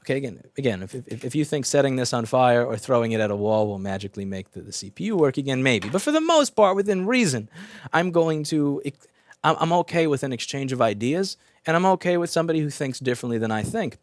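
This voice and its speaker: A man's voice: medium pitch, very animated, fast, no room sound. A man who owns a repair shop and hosts the channel, speaking in a casual opinion rant. He is blunt and profane and repeats himself as he talks.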